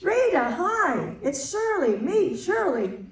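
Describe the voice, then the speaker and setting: A woman voicing an excited older woman friend in a chirpy, breezy manner. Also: very high-pitched, takes it slowly, roomy sound, recorded from a distance, pitched above the performer's own voice, exaggerated voice.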